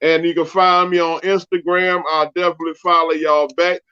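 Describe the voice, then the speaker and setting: Man, high voice, playful co-host, muffled lo-fi audio. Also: fairly quick, clean tone. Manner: joking, animated, laughs often. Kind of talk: casual show banter. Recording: dull lo-fi sound.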